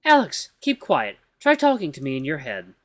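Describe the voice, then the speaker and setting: A man voicing a calm, matter-of-fact AI companion that gives measured instructions. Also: fairly high pitch, no echo, clean studio sound. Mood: instructive.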